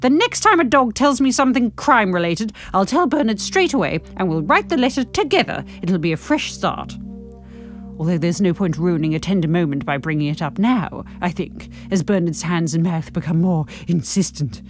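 A woman reading her own novel aloud with expressive, animated narration and frank humour. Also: lowish voice, moderate pace, faint music behind.

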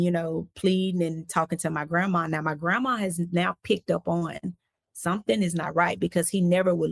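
A woman speaks as a guest on an interview show. Her voice sits fairly low with a rough, gravelly edge, and her delivery stays casual and conversational. She tells a personal story with energy, slipping into the voices of the people in it. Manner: animated, acts out quoted voices while recounting events.

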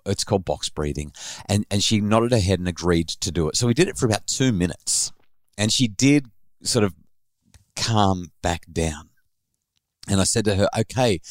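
A middle-aged man hosting a parenting podcast, telling a family story in an animated way with frequent restarts. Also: low voice, moderate pace, pauses often, no room sound.

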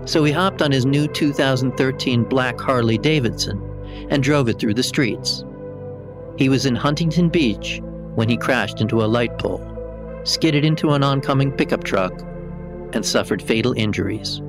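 Measured male podcast host narrating. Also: mid-range voice. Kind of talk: scripted narration. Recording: music bed underneath.

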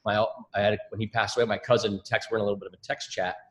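A fast-talking man in his sixties, a podcast guest who tells relaxed, rambling stories full of fillers. His voice sits low, and the room around him rings with echo. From Scotland. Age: 60s. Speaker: podcast guest, former soccer coach. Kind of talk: casual interview chat. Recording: echoey room.

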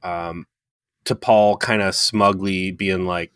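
A man with a low, forceful voice talks through an episode review in a casual, analytical way. He often pauses on ums and uhs. The sound is dry and close. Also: sing-song, gravelly, clean tone, no echo. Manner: earnest, analytical, with frequent um and uh. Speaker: podcast co-host.

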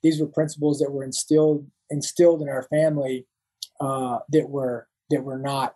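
A man's voice: mid-range voice, flat delivery, moderate pace, mellow, low-quality recording. A man in his thirties, a Marine veteran, talking as a guest in an interview, often restarting and repeating words. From United States. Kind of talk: casual interview talk.

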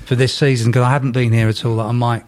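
A man's voice: medium pitch, level tone, racing, darkish tone. A man co-hosting a podcast in casual chat, rambling and breaking off mid-sentence as he tells stories. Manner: rambling, self-interrupting storyteller. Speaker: podcast co-host.

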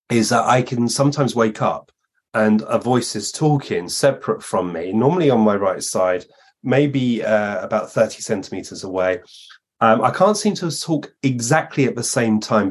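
A man, a guest medium, telling lively anecdotes in a podcast interview and acting out the voices he quotes. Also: medium pitch, slightly rough.

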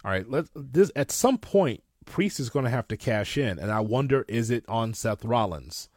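A man's voice: mid-range voice, animated, normal speed, a little mellow, no echo, clean studio sound. A man co-hosting a wrestling podcast, giving emphatic, opinionated takes in casual chat. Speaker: podcast co-host.

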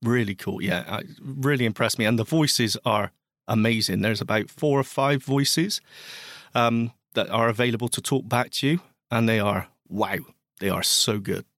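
A man with a West Country English accent, co-hosting a podcast in relaxed, enthusiastic chat about tech, with hesitant fillers. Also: mid-range voice, normal speed, no echo, clean studio sound. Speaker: podcast co-host.

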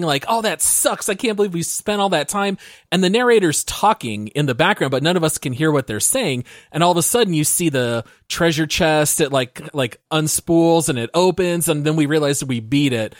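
A man's voice: a little high, lively intonation, normal speed, hardly any pauses, no echo. A man with a somewhat raised voice tells a detailed story from a game session. He co-hosts a casual gaming podcast, and his voice is recorded dry and close to the mic. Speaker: podcast co-host.

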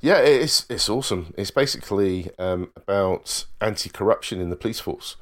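A man's voice: fairly low pitch, lively intonation, moderate pace. A man chatting casually on a podcast, enthusiastic and full of fillers. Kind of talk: casual chat.

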